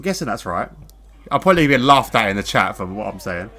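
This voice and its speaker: A man's voice: mid-range voice, sing-song, fairly quick, sharp tone. A man co-commentating a live online racing league, laid-back and self-mocking, laughing at himself often.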